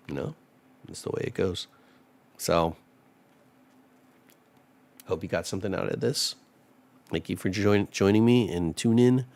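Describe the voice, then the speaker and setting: A married man casually reading scripture and reflecting on it in a relaxed, rambling way, often restarting and laughing softly. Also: a bass voice. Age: adult married man. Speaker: Bible study vlogger.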